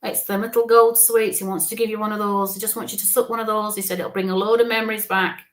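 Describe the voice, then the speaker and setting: A woman with a lilt gives a live psychic reading in a soft, reassuring manner. She keeps checking in with a gentle "okay?" as she passes on messages. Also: medium pitch, level tone, quick pace. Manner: gentle, reassuring, often ends phrases with "okay?". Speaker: psychic medium.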